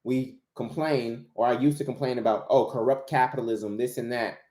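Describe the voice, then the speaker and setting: A man's voice: mid-range voice, fairly even intonation, normal speed, warm tone. A man giving a motivational spiritual talk in a preacher-like way, repeating key phrases for emphasis. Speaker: author and motivational speaker. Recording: roomy echo.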